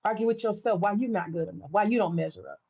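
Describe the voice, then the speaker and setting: A woman's voice: mid-range voice, fast talker, dark tone, slightly rough, highs cut off. An American woman livestreaming to her viewers, ranting in a heated, profane, repetitive way. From United States. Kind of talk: casual livestream rant.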